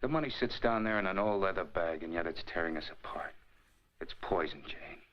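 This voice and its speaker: A desperate husband in a 1940s noir, begging his wife in a very deep, dark voice. The sound is dull and muffled, like an old film soundtrack. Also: lively intonation, brisk. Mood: pleading.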